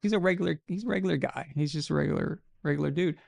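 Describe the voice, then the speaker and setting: Talking very fast, a live-show host with a fairly high voice and a gravelly, fried edge rants bluntly and casually about sports, swearing freely. The sound is dry and close.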